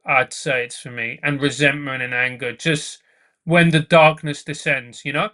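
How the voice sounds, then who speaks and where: Bright-voiced man, earnest and emphatic. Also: mid-range voice, fairly even intonation, normal speed. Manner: earnest, repeats phrases for emphasis. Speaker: podcast guest, comedian. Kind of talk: casual chat.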